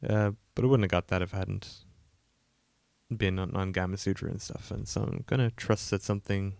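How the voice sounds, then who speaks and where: A man, an indie game developer, chatting casually and a little croaky from a cold while he codes on a livestream, rambling and self-deprecating with lots of fillers. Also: fairly even intonation, fairly quick, a little mellow, dry recording. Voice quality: gravelly, lower than usual. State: croaky, getting a cold, yawning. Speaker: indie game developer streaming his work. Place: home room, cold.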